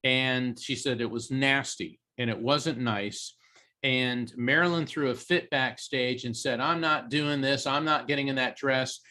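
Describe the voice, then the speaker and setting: A man tells a story as a podcast guest, jumping between his own voice and the people he quotes. His voice is bright and forceful, in an ordinary middle pitch. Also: unhurried. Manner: lively anecdote-telling, acting out quoted voices. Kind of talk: animated storytelling in a podcast interview.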